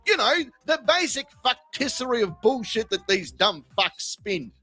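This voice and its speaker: A man's voice: sits high, sing-song, normal speed, bright, forceful tone, faint music behind. A man narrating a commentary video in a crude, profane, mocking way. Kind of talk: scripted comedic commentary.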